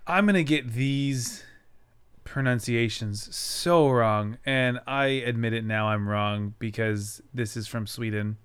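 A man's voice: medium pitch, takes it slowly, a bit bright, clean tone. Tired, laid-back podcast host man. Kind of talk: casual chat.

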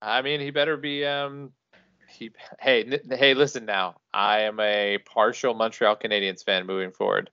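Laid-back man co-host, gravelly low voice, dry humor, close dry muffled mic. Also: steady tone, normal speed, sharp tone, no echo. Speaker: podcast co-host. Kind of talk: casual sports chat. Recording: dull dry lo-fi sound.

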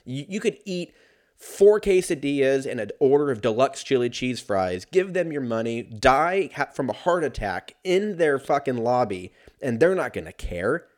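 A man's voice: medium pitch, very animated, moderate pace. Profane rambling man telling a story. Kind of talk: casual storytelling rant.

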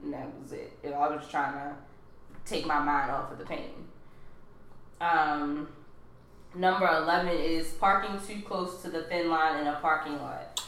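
A woman's voice: low voice, steady tone, measured pace, a bit bright, slight background noise. A young woman co-hosting a casual chat, reading out list items and laughing often. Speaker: podcast co-host. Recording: echoey room.

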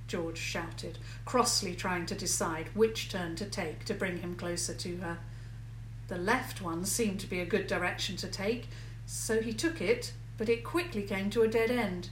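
Calm woman reading a children's story. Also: medium pitch, normal speed, roomy sound, recorded from a distance, a little hiss or hum, poor audio.

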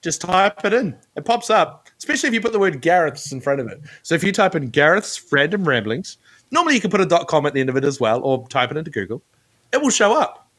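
A man's voice: a little high, sing-song, fast, a bit bright. A man co-hosting a podcast in casual chat, ranting and joking with plenty of swearing. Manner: profane ranting, jokey. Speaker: podcast co-host.

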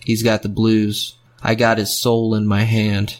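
A man voicing the devil at a crossroads, a tall barrel-chested figure who speaks in a slow, measured, knowing way. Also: fairly low pitch, completely flat delivery, close to an everyday voice. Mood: menacing.

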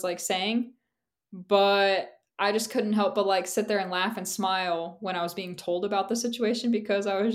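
A young woman co-hosting a podcast in casual chat, candid and rambling, laughing often and filling her talk with "like". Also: medium pitch. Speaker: podcast co-host.

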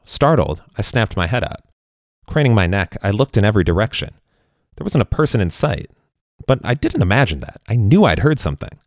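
Lively low-voiced male storyteller. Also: fairly quick, no echo, clean studio sound. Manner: wry, deadpan asides. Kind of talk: first-person story narration.

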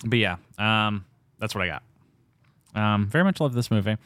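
A man's voice: lowish voice, animated, normal speed, fairly bright tone, no room sound, studio quality. A man hosting a casual film podcast, rambling and enthusiastic, laughing often. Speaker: podcast host.

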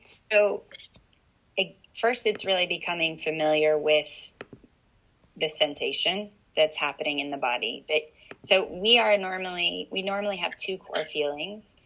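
A woman coach explaining calmly as an interview guest, often checking in with "right?". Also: sits low, creaky, rough recording.

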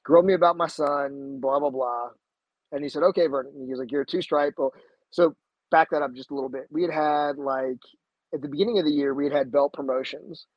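Animated storytelling man, dull dry sound. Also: fairly quick, no echo. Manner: animated, acts out quoted voices with big pitch jumps. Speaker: podcast guest, jiu-jitsu black belt. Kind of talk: casual storytelling.

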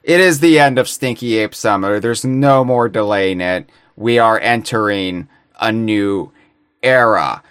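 A man's voice: on the low side, measured pace, a bit bright, clean tone, no echo, clean studio sound. A man co-hosting a casual podcast chat, playful and theatrical, with mock-grand phrasing. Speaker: podcast co-host.

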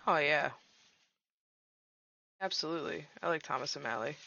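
A young woman co-hosts a casual podcast, laid-back and often answering in a word or two. Her voice is gravelly with a bright edge. The recording is dry and somewhat dull. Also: low-pitched, moderate pace. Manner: laid-back, short replies. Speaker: podcast co-host. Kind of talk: casual chat.

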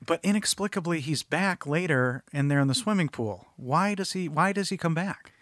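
A man's voice: fairly high pitch, lively intonation, normal speed, a bit bright, no room sound, studio quality. A man co-hosting a podcast, chatting casually about a film in a rambling, jokey way. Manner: rambling, jokey, self-interrupting. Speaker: podcast co-host.

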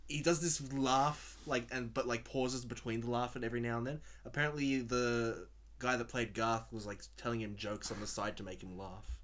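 A man in a casual movie commentary chat, relaxed and chatty with halting restarts. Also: mid-range voice.

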